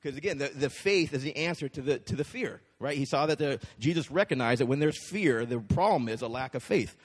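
A man's voice: medium pitch, expressive, a little fast, breathy edge. A man preaching a sermon to a congregation, talking in a casual, conversational way and often asking "right?". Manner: conversational, checks in with the crowd with frequent "right?". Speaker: pastor. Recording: long hall reverb.

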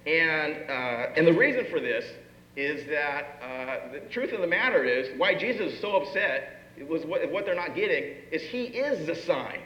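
A man's voice: fairly high pitch, animated, normal speed, bright, forceful tone. A man preaching a sermon in a conversational way, often asking the listeners questions and acting out the people in his story. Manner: conversational, with rhetorical questions and acted-out asides. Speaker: pastor. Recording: echoey hall, dull sound, faint room noise.

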